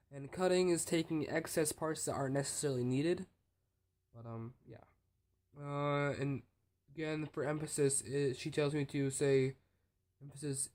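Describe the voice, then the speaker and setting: A teenage male student talking casually to camera, rambling with restarts and fillers and often trailing off quietly. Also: mid-range voice, steady tone, normal speed. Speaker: student speech competitor. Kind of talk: casual vlog talk.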